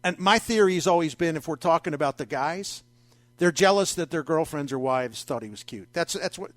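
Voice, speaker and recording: A man hosting a sports talk radio show, talking in a wry, conversational, animated way into a studio mic. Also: a little high, brisk, dry recording. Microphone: studio microphone.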